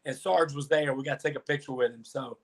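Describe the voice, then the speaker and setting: With a mid-range voice and quick pace, a middle-aged former wrestler recounts long stories during an interview. He's a lively teller who acts out other people's dialogue.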